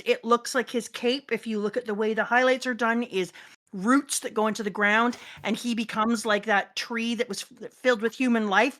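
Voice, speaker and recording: A middle-aged woman co-host with a higher, bright, sharp voice. She talks earnestly and emphatically, with a wry edge. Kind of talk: casual chat.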